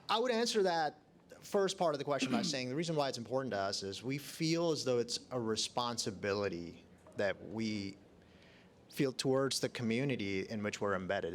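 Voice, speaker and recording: A middle-aged man answering a question on a panel, earnest and speaking up in a loud projecting voice. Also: medium pitch, a little hiss or hum. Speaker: hospital leader on a panel. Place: event arena.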